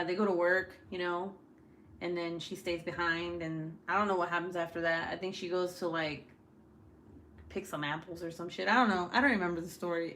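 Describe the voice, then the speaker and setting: Woman on a live stream, kinda low voice, rambles and cusses a lot, laughs easily. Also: slight background noise. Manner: chatty and profane, laughs often. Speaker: live streamer chatting with viewers. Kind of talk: casual chat.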